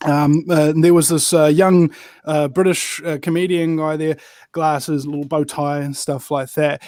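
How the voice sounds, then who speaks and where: A man's voice: fairly high pitch, fairly even intonation, moderate pace, a little mellow, dry recording. A man from New Zealand with a New Zealand accent, a guest telling stories and ranting in casual political chat, often saying "bro". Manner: ranting, storytelling, peppered with "bro".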